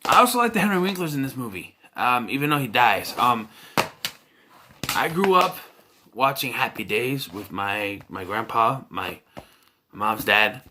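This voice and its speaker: Man, movie reviewer, casual rambling talk, bright voice, average pitch. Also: animated, measured pace, slight background noise. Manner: rambling, many fillers and restarts.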